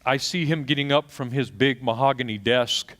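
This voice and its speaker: A middle-aged pastor from Texas preaching a sermon, swinging between loud punchy asides and quiet storytelling. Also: male voice, mid-range voice, normal speed.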